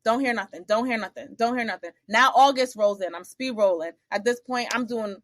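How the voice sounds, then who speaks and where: Animated woman telling stories, dry sound. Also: a little high, a little fast, dry recording. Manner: animated, acts out the other people in her stories; blunt, salty asides. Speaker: interview guest. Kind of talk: casual storytelling interview.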